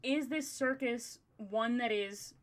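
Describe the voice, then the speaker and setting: A woman's voice: on the high side, takes it slowly. A woman hosting a podcast in casual chat, talking in loose, rambling runs and laughing often. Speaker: podcast host.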